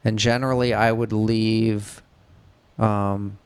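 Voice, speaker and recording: A man's voice: lowish voice, flat delivery, slow, smooth. A middle-aged man from the Detroit area telling a story in casual talk, frank and profane, acting out the voices of people he quotes. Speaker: podcast co-host telling a story.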